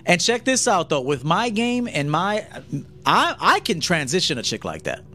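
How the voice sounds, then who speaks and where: A man's voice: sits high, wildly swooping pitch, moderate pace, sharp tone, a little hiss or hum. A man giving a blunt, profane lecture to men as a dating coach on a livestream.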